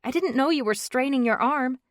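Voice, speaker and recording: A woman's voice: high-pitched, fairly quick, no echo, pitched above the performer's own voice, natural voice. A spirited, wary young woman asking pointed questions in a lifted voice, as a woman narrator plays her. The recording is close and dry. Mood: indignant.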